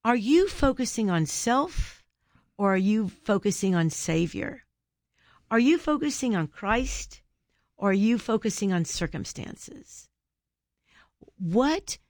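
A middle-aged woman speaks as an author guest, telling a personal faith story in an earnest storytelling manner. Her voice carries a gravelly edge and a mid-range pitch. The sound is dry and close. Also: a little mellow, no room sound. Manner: earnest storytelling, preachy questions to listeners.

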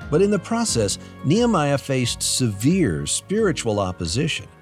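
A man's voice: mid-range voice, wildly swooping pitch, normal speed. A man introducing a Christian radio program in a scripted, conversational way. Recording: dry studio with soft music.

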